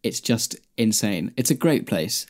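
A man's voice: on the low side, expressive, measured pace, darkish tone. A man co-hosting a podcast, reading a comic fan fiction aloud and laughing through the lines. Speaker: podcast co-host.

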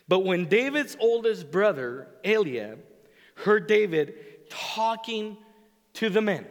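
A man delivers a sermon with a high, very lively voice that swoops up and down. He speaks slowly and deliberately, acting out the voices he quotes. His words ring with the long reverb of a large hall. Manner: animated preaching, acts out quoted voices. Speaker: pastor.

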